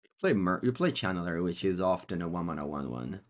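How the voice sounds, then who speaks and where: A man's voice: deep voice, expressive, a little fast. A man with an Italian accent giving live, chatty commentary as he plays, talking to himself and to his chat. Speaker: streamer.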